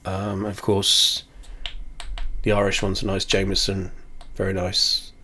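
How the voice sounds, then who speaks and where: A man's voice: low-pitched, monotone, unhurried, sharp tone, slight background noise. A man reviewing whiskey in a casual, rambling chat, self-deprecating and swearing offhandedly, sitting close to his camera at home. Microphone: camera very close to face.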